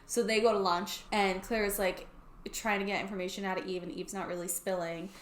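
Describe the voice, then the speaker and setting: A woman's voice: medium pitch, level tone, fairly quick, echoey room, slight background noise. A young woman recapping a book plot in a casual, sarcastic way, using "like" constantly. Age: young adult. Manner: chatty and sarcastic, heavy use of "like". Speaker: book YouTuber.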